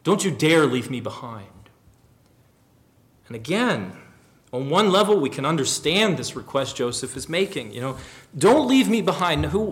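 Guy preaching a sermon, kinda high voice, gets loud then goes real quiet. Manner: swings from loud emphatic questions to quiet low musing. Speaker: pastor.

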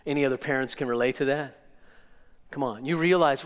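A man's voice: fairly high pitch, fairly quick. An older man preaching a sermon, emphatic and speaking directly to the congregation. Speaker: pastor. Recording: long hall reverb.

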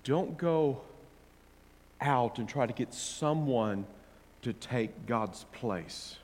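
A man's voice: mid-range voice, very slow. Preaching man in a reverberant hall. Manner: swings between loud preaching and quiet counsel; playful asides to the congregation. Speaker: pastor. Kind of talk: sermon.

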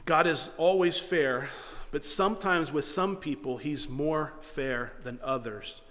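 A man's voice: a little high, slow pace, fairly bright tone. Preaching man in a reverberant hall. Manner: earnest preaching, acts out quoted voices. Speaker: pastor. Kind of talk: sermon.

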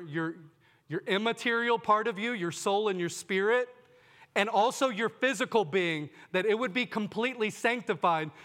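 A man's voice: sits high, a bit bright, long reverb tail. A man preaching a sermon to his congregation, earnest, often asking them questions and calling them "folks". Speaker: pastor.

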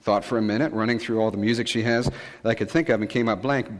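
A male pastor preaching a conversational sermon, telling stories in a relaxed way with frequent fillers and asides. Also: fairly low pitch, fast, in a large hall.

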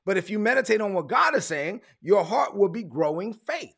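Emphatic preacher. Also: male voice, sits high, very animated, vocal fry, a bit bright, slightly rough. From Brooklyn, United States. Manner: repetitive, emphatic, stresses words by slowing down. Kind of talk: sermon.

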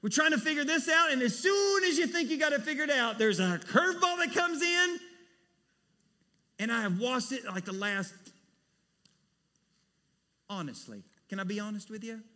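A man preaching a sermon as pastor, animated, dropping to a hush and rising to loud bursts. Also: extremely high pitch, normal speed, long pauses. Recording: long hall reverb.

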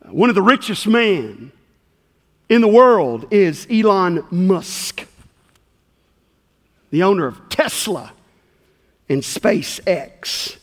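Animated preacher in a reverberant hall. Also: male voice, high voice, slow pace, pauses often. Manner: animated, folksy storytelling with acted-out dialogue. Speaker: pastor. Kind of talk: sermon with personal storytelling. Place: church sanctuary.

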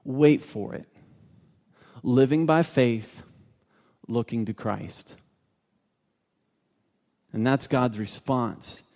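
A man's voice: medium pitch, extremely slow, pauses often, darkish tone. A man preaching a sermon as pastor, emphatic and repeating his key phrases for weight. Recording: long hall reverb.

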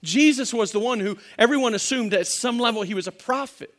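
Male pastor, high-pitched, animated sermon storytelling with frequent restarts. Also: brisk.

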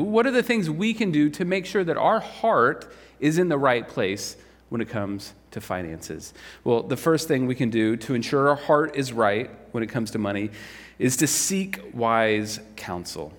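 A man preaching a sermon as pastor in a relaxed, conversational way, often asking rhetorical questions. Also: medium pitch, unhurried. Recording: long reverb of a large hall.

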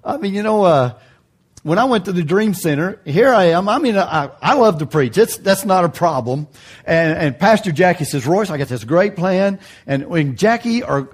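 A man pastor preaching a sermon in a folksy, joking way, his voice jumping high for emphasis.

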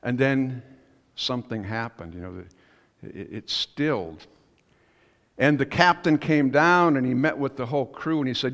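A man's voice: medium pitch, measured pace, a bit bright. Man preaching with a hall echo. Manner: conversational storytelling, musing asides. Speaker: pastor. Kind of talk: sermon. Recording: long reverb of a church hall.

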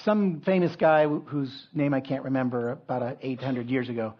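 A man's voice: medium pitch, fairly even intonation, normal speed. A middle-aged man preaching a conversational sermon, with frequent restarts and asides. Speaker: pastor. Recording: dull lo-fi sound.

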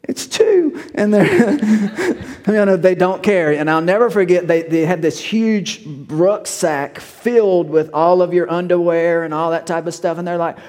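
A man's voice: on the high side, steady tone, normal speed, few pauses, darkish tone, smooth, big-room sound. A male pastor, preaching a sermon in a folksy, conversational storytelling way.

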